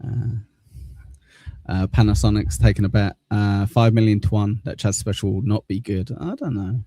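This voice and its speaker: A man from southern England, his accent close to Cockney, hosting a livestream and rambling through viewer comments. His voice sits low and dark, with a gravelly edge. The sound is close and dry. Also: moderate pace, no echo. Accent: southern English, near Cockney. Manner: rambling, laid-back, swears casually. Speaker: livestream host. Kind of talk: casual chat reading viewer comments.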